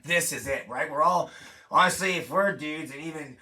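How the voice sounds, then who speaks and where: A man's voice: a little high, normal speed, bright, forceful tone. Man doing a profane, rambling stand-up set. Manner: profane, rambling retelling with frequent asides. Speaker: comedian. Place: living room with a home-built stage.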